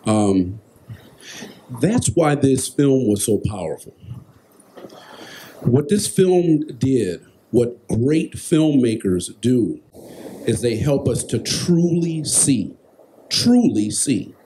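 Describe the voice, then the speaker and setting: A man speaking on a festival panel. He delivers measured, inspirational remarks and repeats phrases for emphasis. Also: medium pitch, big pitch swings, dark tone, slight background noise.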